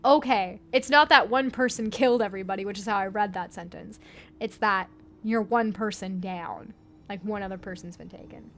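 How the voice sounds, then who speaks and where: A woman's voice: medium pitch, moderate pace, slight background noise. A woman reading an interactive story aloud, adding playful joking comments and laughing often. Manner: playful, laughs often, jokes between read passages.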